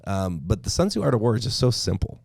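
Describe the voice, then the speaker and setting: A man's voice: lowish voice, big pitch swings, fast, vocal fry, a little mellow, no echo, studio quality. A man from Idaho hosting a podcast, talking in a rambling, conversational way with plenty of fillers. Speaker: podcast host. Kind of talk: casual interview chat.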